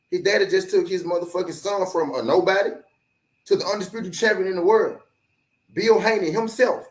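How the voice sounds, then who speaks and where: Fired-up man ranting in an echoey room. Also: sits high. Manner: animated, profane, repetitive, does mocking voices of critics. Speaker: sports talk host. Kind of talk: heated solo rant to camera.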